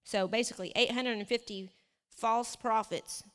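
A woman preaching a sermon, reading scripture aloud with lively asides. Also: on the high side, moderate pace, smooth. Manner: animated, reads scripture aloud with asides and laughs. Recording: long reverb of a hall.

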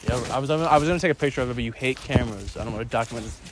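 A man's voice: medium pitch, very fast. A young man joking and teasing a friend in casual banter while walking a trail outdoors. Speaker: podcast co-host. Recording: loud outdoor noise.

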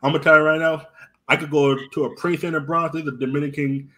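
Casting: New man, higher voice, rambling and profane podcast host. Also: little pitch movement, fast, fairly bright tone. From US East Coast. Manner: profane, repetitive storytelling with acted-out quotes. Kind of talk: casual chat.

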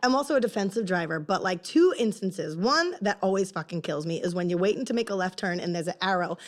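A woman's voice: fairly low pitch, expressive, fast. A woman co-hosting a casual podcast chat, telling stories in a heated, profane way. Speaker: podcast co-host.

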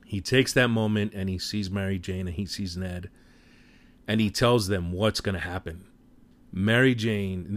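A man casually retelling a movie plot in an animated way, with offhand swearing. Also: on the low side. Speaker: film recap commentator.

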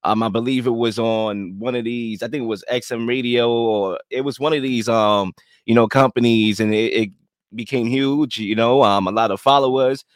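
A man's voice: mid-range voice, steady tone, normal speed, dry recording, studio quality. A man hosting a podcast, talking in a rambling, conversational way with lots of fillers. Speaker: podcast host. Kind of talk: casual debate chat.

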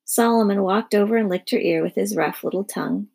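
A woman narrating a children's storybook in a lively storytelling manner. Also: medium pitch, a little fast, vocal fry, breathy edge.

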